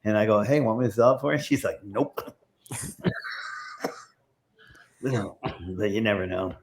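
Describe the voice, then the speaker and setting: A man's voice: fairly low pitch, normal speed. A middle-aged man, a prop master, rambling through casual stories in an interview and acting out the voices of people he quotes.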